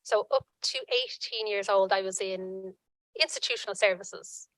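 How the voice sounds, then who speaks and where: A woman giving earnest personal testimony at a conference panel, halting with frequent restarts. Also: medium pitch, a bit bright, dry recording, rough recording.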